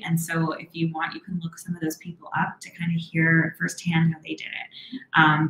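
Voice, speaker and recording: A woman therapist answering viewer questions on a live stream, encouraging and reassuring, often speaking quickly and then slowing herself down. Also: deep voice, roomy sound, poor audio. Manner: warm, encouraging, talks fast and slows herself down.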